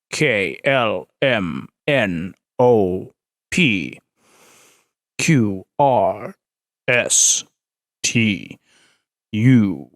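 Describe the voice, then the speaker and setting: A man putting on a slow, solemn impression of a deep-voiced movie villain, pushing his voice far below his usual range. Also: fairly bright tone, no room sound, studio quality, full character voice. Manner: slow, heavy, solemn delivery. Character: deep, booming menacing villain impression, male adult.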